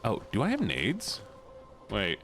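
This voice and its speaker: A man streaming a game, commenting in an excitable, goofy, joking way. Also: on the low side, slow, music in the background. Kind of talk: gaming livestream commentary.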